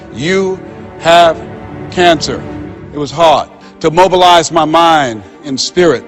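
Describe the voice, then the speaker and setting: A man giving a motivational speech, telling stories and acting out dialogue with emphatic, preacher-like repetition. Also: on the high side. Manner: storytelling, acting out quoted dialogue. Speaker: motivational speaker.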